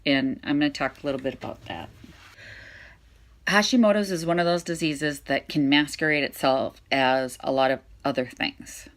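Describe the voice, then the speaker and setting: A woman with a hoarse voice that fades in and out, talking frankly and with exasperation to camera as a vlog host. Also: very deep voice, moderate pace. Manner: frank and exasperated, talks directly to viewers. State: hoarse, voice fading in and out. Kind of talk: candid talk to camera.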